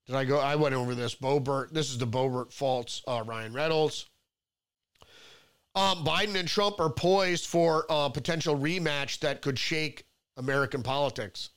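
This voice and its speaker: A man's voice: fairly high pitch, fairly bright tone, smooth. A man hosting a solo political commentary show, reading headlines and reacting to them with rambling restarts and mocking outbursts.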